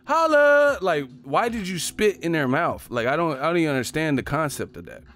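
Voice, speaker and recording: A man's voice: a little high, brisk. Profane man on a comedic rant. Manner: profane, animated, laughs often.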